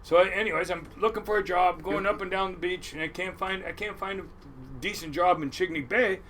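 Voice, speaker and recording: A man in his sixties, a crab boat captain, telling his life story in an interview, animated and salty, acting out the people he quotes. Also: high-pitched, fairly quick, slight background noise.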